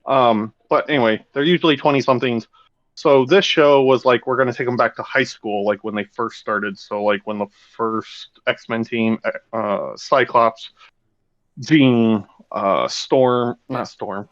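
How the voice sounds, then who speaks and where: A man hosting a podcast in an easygoing, rambling chat, cursing casually as he goes. His voice sits at a middle pitch. The recording is dull and lo-fi, with a dry, close sound. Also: a bit bright, no echo. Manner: loose, rambling, swears freely. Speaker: podcast host.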